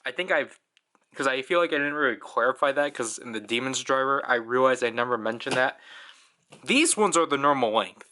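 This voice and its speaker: A man's voice: medium pitch, lively intonation, fairly quick, bright, forceful tone. A young man giving a casual, chatty toy review, full of fillers and small laughs.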